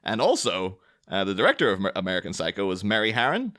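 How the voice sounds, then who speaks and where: A man's voice: on the low side, very animated, quick pace, fairly bright tone. A man chatting casually on a podcast, talking at length, laughing often and slipping into mock voices.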